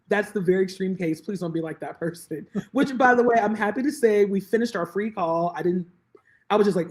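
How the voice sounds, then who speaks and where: A woman guest on a video call interview, telling lively stories and acting out the conversations she quotes. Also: mid-range voice, fast. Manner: animated storyteller, acts out quoted exchanges. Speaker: guest, lead generation specialist.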